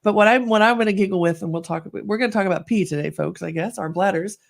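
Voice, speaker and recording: A middle-aged woman co-hosting a podcast, chatting casually and telling lively stories, acting out what people said. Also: mid-range voice, fast talker, vocal fry. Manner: chatty storyteller, acts out quotes. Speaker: podcast co-host. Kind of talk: casual chat.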